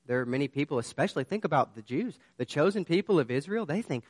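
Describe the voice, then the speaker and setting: A man's voice: fairly high pitch, lively intonation, fast talker, hardly any pauses, dry recording. A man preaching a sermon. He tells a personal story in an earnest, conversational way and turns it into urgent warnings. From southern United States. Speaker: pastor.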